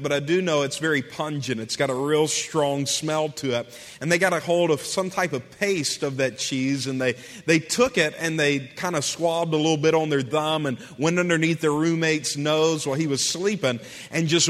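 A man's voice: on the high side, a bit bright. A man preaching a sermon as pastor, calling out to his congregation as he builds with passion. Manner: impassioned preaching with call-outs to the congregation. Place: church sanctuary. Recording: long hall reverb.

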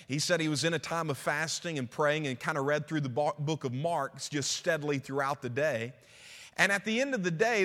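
A man preaching a sermon, reading scripture slowly and then explaining it in a relaxed teaching tone. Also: a little high, in a large hall. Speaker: pastor.

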